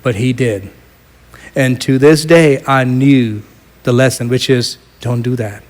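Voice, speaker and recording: A middle-aged pastor preaches a sermon built around a personal story, swinging between loud proclamation and quiet asides. His voice sits in the mid range and moves at a slow pace.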